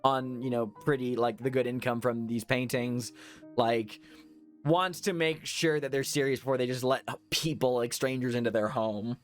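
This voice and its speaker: A man's voice: mid-range voice, fairly even intonation, normal speed, soft background music. A man narrating as game master, rambling with many fillers. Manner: rambling, lots of ums and likes. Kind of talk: narrating a tabletop horror game.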